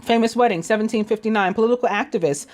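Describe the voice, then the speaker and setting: A woman's voice: a little high, fast. A woman hosting a spiritual daily reading, chatty and rambling, musing on number meanings between date facts. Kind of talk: casual solo reading of date facts and numerology.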